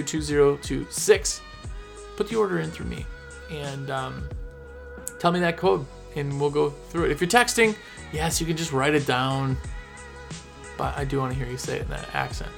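A man, chatting casually to viewers as a sales rep and pushing his own pitch. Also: moderate pace, vocal fry, soft background music. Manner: chatty, pushy, repeats himself for emphasis. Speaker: window cleaning product sales rep.

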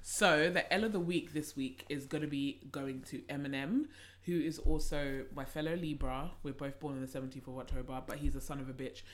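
A young woman, co-hosting a casual podcast chat, animated and quick to laugh and swear. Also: very deep voice. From England. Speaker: podcast co-host.

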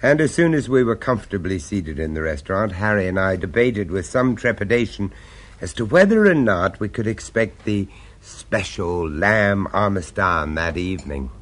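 A man's voice: low voice, expressive, normal speed, fairly bright tone. A man narrating and acting in a radio drama, mild and polite, a little hesitant in dialogue.

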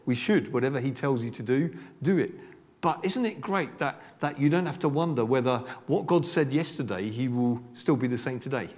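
Animated older preacher in a reverberant hall. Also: male voice, mid-range voice, moderate pace. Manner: animated, emphatic, with frequent repeated words and asides. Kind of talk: sermon. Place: church hall.

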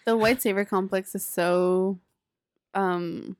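A woman in casual conversation, making quick, wry comments. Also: medium pitch, fairly even intonation, no room sound, studio quality. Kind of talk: casual chat.

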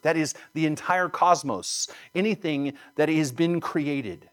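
A man preaching a sermon, emphatic, building to loud stresses and then dropping low. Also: normal speed, hardly any pauses. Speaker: pastor.

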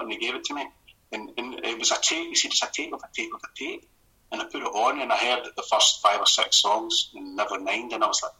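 A middle-aged Scottish man, a comedy writer, telling stories in a casual radio conversation with quick restarts and laughs. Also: lowish voice, low-quality recording. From Scotland. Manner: rapid, animated storytelling with restarts and laughs.

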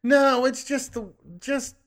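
A man's voice: very high voice, level tone, slow. A man co-hosting a comedy podcast, telling rambling stories with frequent swearing and laughter. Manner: rambling storyteller, swears often, laughs a lot. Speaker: podcast co-host. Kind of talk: casual comedic chat.

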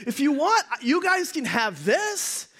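An eager young boy, played by a preacher, blurts out his offer breathlessly. His voice is pitched high and bright. It bounces with excitement. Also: slow, full character voice. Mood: excited.

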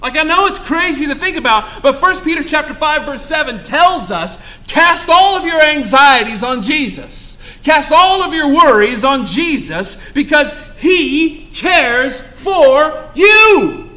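A young man preaching a sermon with passion, moving between loud exclamations and hushed asides. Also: very high voice, sing-song, takes it slowly, hardly any pauses.

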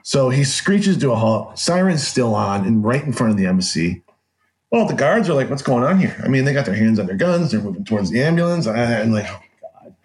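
A man's voice: medium pitch, fairly quick, a little hiss or hum. A man telling a story as an interview guest, with lots of laughs, restarts and acted-out quotes. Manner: animated, laughs often, acts out quotes with restarts. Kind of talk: casual anecdotal storytelling. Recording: roomy echo.

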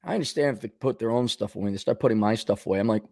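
A man hosting a podcast, rambling through a casual comedic monologue, going from low mutters to sudden outbursts. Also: lively intonation, rapid-fire. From Minnesota. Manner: rambling, wisecracking, swings between mutters and outbursts. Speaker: podcast host.

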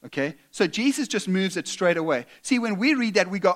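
A man preaching a sermon as pastor, earnest and emphatic, at times dropping to a soft, tender delivery. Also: high voice, lively intonation, brisk.

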